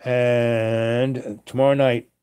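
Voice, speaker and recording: A man rambles through a late-night story, hesitant and full of fillers and soft chuckles. His voice is mellow and warm, recorded dry and close with no room sound. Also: mid-range voice, flat delivery, very slow, clear, resonant tone, no echo. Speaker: host.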